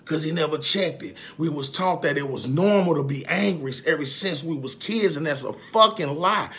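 This man's casual vlog monologue to his followers is profane and emphatic, with points repeated and a swing between hushed confessions and loud outbursts. He has a fairly high-pitched voice and talks at a normal speed.

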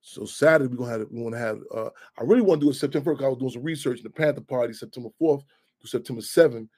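A middle-aged man hosting a talk radio show, animated and heated, swearing freely. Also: mid-range voice, very fast, husky. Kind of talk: casual talk radio monologue.

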